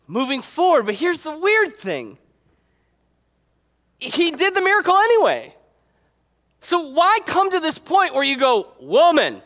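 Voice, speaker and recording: A man preaching a casual, joking sermon in an animated, conversational way. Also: very high-pitched. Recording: long hall reverb.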